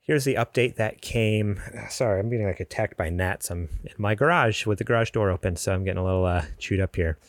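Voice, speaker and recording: A man's voice: fairly low pitch, fairly quick, hardly any pauses, dry recording. A man co-hosting a podcast from his garage, talking in a loose, joking way full of fillers. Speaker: podcast co-host. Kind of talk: casual podcast chat. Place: home garage with the door open.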